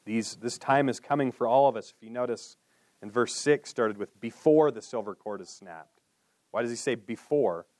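A man preaching a sermon in an earnest way, dropping to a hushed voice on solemn lines and lifting for emphasis. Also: normal speed, dry recording. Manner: earnest, with drops to a hushed low voice and lifts for emphasis. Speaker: pastor.

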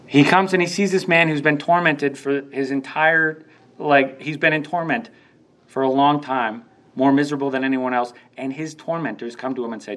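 A man's voice: on the high side, fairly even intonation, moderate pace, fairly bright tone. A young man preaching a sermon in a conversational way, asking rhetorical questions and acting out quoted lines.

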